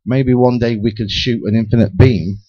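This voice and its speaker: A man's voice: mid-range voice, normal speed, slight background noise. Rambling theorizing man on lo-fi radio. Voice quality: lively, theorizing, many restarts. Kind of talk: rambling speculative radio chat. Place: radio studio. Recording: lo-fi radio broadcast.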